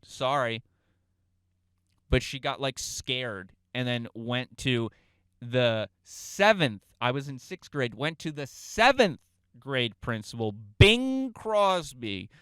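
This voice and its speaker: Male comic storyteller, smooth clear voice, dry close sound, swings from loud rants to hushed asides. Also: medium pitch, dry recording. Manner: animated, swings between loud outbursts and quiet asides; profane, self-interrupting, acts out the dialogue. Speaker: comedian telling a story. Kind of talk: comedic storytelling.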